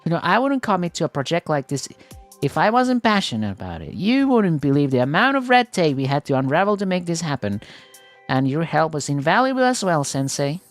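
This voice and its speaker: A man reads out a teenage girl who leads the school festival club, earnest and driven. The line swings up and down as it goes, while soft music plays under the game story reading. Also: a little high, big pitch swings, a little fast.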